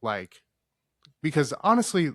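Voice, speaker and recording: A man's voice: fairly high pitch, very animated, measured pace, no room sound, clean studio sound. A young man co-hosting a casual comedy podcast, swearing freely and teasing his co-host. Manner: profane, joking, teasing.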